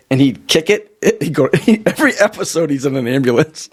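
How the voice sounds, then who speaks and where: A man hosting a trade podcast, telling animated childhood stories, acting out quotes and laughing a lot. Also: on the high side, fast talker, hardly any pauses. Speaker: podcast host. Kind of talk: casual podcast conversation.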